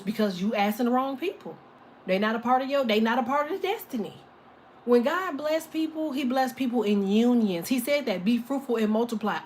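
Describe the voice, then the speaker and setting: A woman's voice: on the high side, slight background noise. A woman reading tarot on a casual live stream, sassy and playful, laughing often and slipping into silly voices for imagined people. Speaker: tarot reader.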